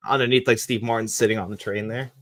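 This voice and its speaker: A man's voice: on the low side, steady tone, quick pace, fairly bright tone, dry recording, clean studio sound. A man co-hosting a film podcast in a casual film discussion, chatty and full of fillers. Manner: chatty, full of "like" and "you know". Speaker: podcast co-host. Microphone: podcast microphone.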